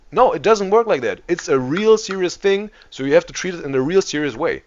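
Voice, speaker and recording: A man's voice: on the high side, lively intonation, fairly quick, hardly any pauses, muffled recording. Stammering man hosting a reaction video. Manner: repeats and restarts words often. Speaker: host. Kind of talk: casual reaction commentary.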